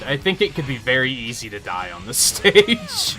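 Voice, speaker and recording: A man's voice: medium pitch, wildly swooping pitch, moderate pace, sharp tone. A young man giving casual gaming commentary on a stream, opinionated and swearing freely as he rants. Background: game music.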